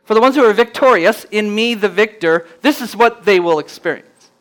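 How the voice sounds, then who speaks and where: A man preaching a sermon, earnest and plainspoken, slowing down to read scripture aloud with rising emphasis. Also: sits high, a bit bright, clear, resonant tone, poor audio. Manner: reads scripture slowly and deliberately, rising for emphasis. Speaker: pastor.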